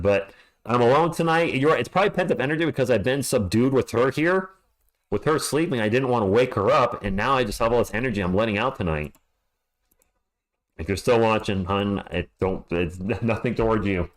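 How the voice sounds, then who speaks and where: Excitable man doing fan play-by-play. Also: medium pitch. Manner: excitable, talks to chat, yells at the team. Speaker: play-by-play streamer. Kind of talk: live fan play-by-play commentary. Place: alone at home.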